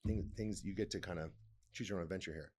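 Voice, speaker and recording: A man's voice: low voice, quick pace, darkish tone, slight background noise. Playful laughing male podcast host. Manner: laughs often, swears, reads aloud and comments; playful, rambling. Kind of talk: casual solo podcast talk.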